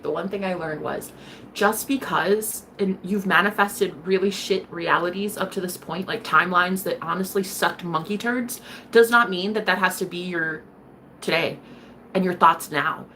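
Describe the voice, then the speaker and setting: A woman's voice: lowish voice, moderate pace, a little hiss or hum. Sassy, playful woman vlogging to camera. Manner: sassy, playful, swings between loud and hushed. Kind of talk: casual vlog monologue.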